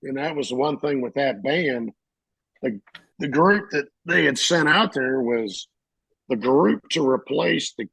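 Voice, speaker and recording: A middle-aged man, a veteran, telling his service stories casually and acting out the shouted lines of others. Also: medium pitch, unhurried, gravelly, slightly rough, no echo, low-quality recording. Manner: animated, acts out shouted quotes. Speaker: veteran interviewee. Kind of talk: casual storytelling.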